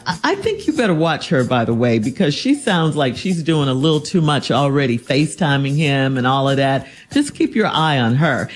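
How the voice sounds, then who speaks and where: A blunt woman host with a lively, swinging voice, reading letters and giving frank advice. Faint music plays beneath her. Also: on the low side. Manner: blunt, incredulous, teasing.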